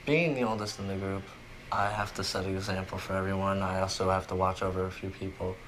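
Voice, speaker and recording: A young man and father speaking in a documentary interview, earnest and plain-spoken, pausing with fillers. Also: deep voice, little pitch movement. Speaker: camp participant, young father. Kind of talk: documentary interview and candid phone call. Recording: noticeable background noise.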